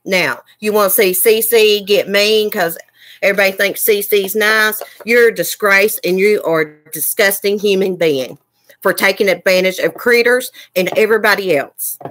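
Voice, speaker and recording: A woman's voice: medium pitch, normal speed, a bit bright. Angry woman ranting on livestream. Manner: heated, cussing, repetitive. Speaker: livestream host.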